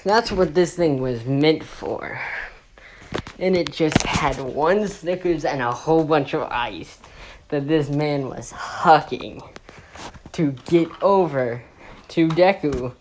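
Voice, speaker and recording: A woman's voice: low voice, a little mellow, slight background noise. A woman casually improvising a fan story, rambling and swearing with many fillers.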